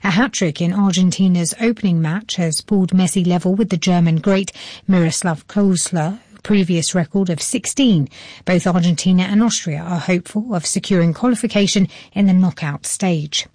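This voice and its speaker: Woman newsreader, low mellow voice, dry close studio sound, steady formal delivery. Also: normal speed, no room sound. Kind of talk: news bulletin reading.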